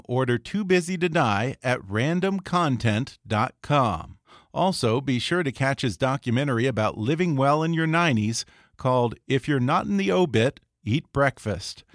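A man's voice: mid-range voice, dry recording. Podcast host man, dry studio voice. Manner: quick reactions, laughing along. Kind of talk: interview chat and ad read.

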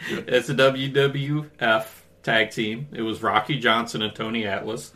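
A man co-hosting a casual talk show, knowledgeable and steady, fixing details as he tells stories. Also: mid-range voice, slow pace. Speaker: podcast co-host. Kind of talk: casual chat about wrestling.

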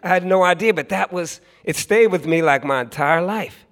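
A man's voice: high voice, moderate pace. A man in his forties from Oakland telling a loose, laughing story on stage, acting out other people's voices as he goes. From Oakland, California. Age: 40s. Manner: animated, acts out other people's voices in quotes; laughs often, loose and conversational with many restarts. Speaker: storytelling speaker at a live event. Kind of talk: live storytelling monologue. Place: club stage before a live audience.

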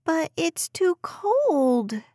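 Whiny stubborn little preschooler, high and pleady, dry close sound. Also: female voice, big pitch swings, very slow, dark tone, dry recording, heavily acted. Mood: complaining.

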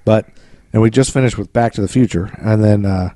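A man's voice: on the low side, a little fast, mellow, dry recording, clean studio sound. An American man co-hosting a podcast in a casual, joking, rambling chat. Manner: joking, rambling, breaks into goofy accents and singing. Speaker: podcast co-host.

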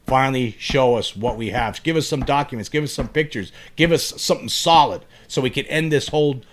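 A man's voice: medium pitch, a little fast. A man giving impassioned opinion commentary on his vlog, repeating himself and restarting sentences as he urges his viewers to act. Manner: impassioned, repetitive, full of restarts. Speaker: online commentator.

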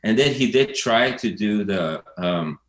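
A man's voice: fairly low pitch, animated, measured pace. A man chatting casually as a guest, loose and rambling, with lots of fillers and restarts. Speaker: documentary filmmaker guest. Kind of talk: casual conversation. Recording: roomy echo.

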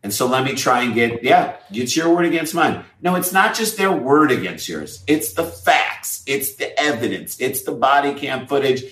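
A man's voice: medium pitch, very animated, moderate pace, hardly any pauses, a bit bright, distant mic. A man co-hosting a comedy podcast, riffing and ranting emphatically. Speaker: podcast co-host. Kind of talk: casual comedic chat. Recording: roomy sound, set back from the mic.

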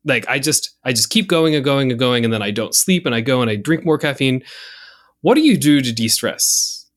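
Animated man co-hosting a chat podcast. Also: medium pitch, moderate pace. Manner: animated, rambling, repeats words. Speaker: podcast co-host. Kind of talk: casual chat.

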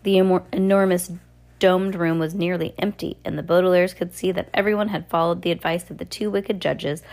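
A woman's voice: fairly low pitch, a little mellow. A woman reading a novel aloud in an unpolished way, often stumbling and correcting herself. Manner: unpolished, frequent restarts and self-corrections. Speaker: reader.

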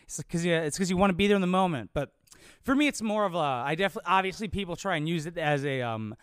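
A man's voice: high-pitched, expressive, fast talker, fairly bright tone, clean tone, dry recording, studio quality. A young adult man, a comedian, rambling casually and cursing freely in a solo monologue. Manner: rambling, profane, laid-back.

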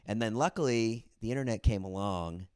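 A man's voice: on the low side, moderate pace, darkish tone, smooth, no echo, studio quality. A man talking as a guest, telling rambling stories in casual chat and acting out what other people said. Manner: rambling, quotes people in put-on voices. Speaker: podcast guest, comedian and filmmaker. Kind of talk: casual storytelling.

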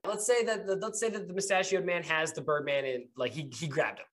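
A man narrating a tabletop game as game master, halting often on ums and uhs. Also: fairly high pitch, fairly even intonation, a bit bright.

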